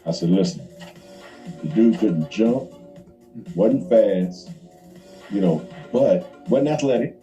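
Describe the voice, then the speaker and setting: Dark, relaxed man recalling an old rival. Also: lowish voice, slow, pauses often, faint music behind, poor audio. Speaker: former basketball player. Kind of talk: casual talk on a sports show.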